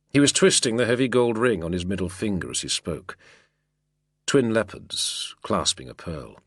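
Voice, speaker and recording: Low, husky male audiobook narrator. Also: lively intonation, normal speed, fairly bright tone, dry recording, clean studio sound. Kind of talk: scripted narration.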